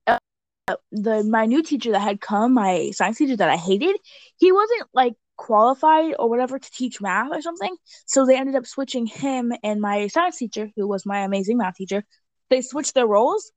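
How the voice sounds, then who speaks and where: Woman guest, animated casual chat, lively pitch, dry close sound. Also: moderate pace, no echo. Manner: animated, laughs often, acts out quotes. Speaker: podcast guest.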